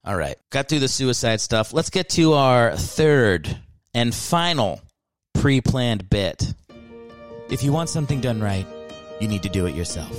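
A man's voice: medium pitch, very animated, unhurried, dry recording, faint music behind. A man hosting his own podcast, ranting casually with profanity and self-mocking asides. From Philadelphia area. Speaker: podcast host. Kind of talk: casual solo podcast rant.

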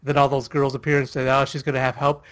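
A man's voice: medium pitch, little pitch movement, fast talker, a bit bright, dry recording. A man co-hosting a casual chat, rambling with lots of fillers and laughing often. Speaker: podcast co-host.

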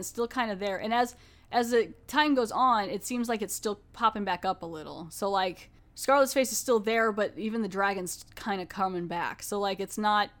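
A woman podcast host casually recapping a TV episode, chatty and full of fillers and restarts. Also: medium pitch.

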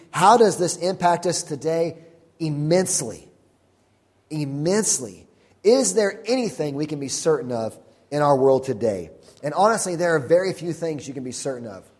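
A man's voice: a little high, big-room sound. A man, a pastor, preaching a sermon with emphatic, repeated phrases. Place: church sanctuary.

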